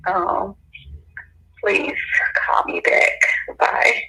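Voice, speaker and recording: A woman's voice: very slow, pushed and bright, low-quality recording. A woman leaving a voicemail as a client, emotional and overwhelmed with joy. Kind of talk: voicemail message.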